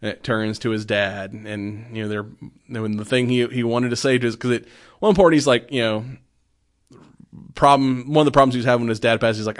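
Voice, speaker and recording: Casual male host, mid-pitched, rambles through the plot and laughs a lot. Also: fairly even intonation, fairly quick. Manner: rambling, laughs often, many fillers. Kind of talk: casual chat, retelling a movie.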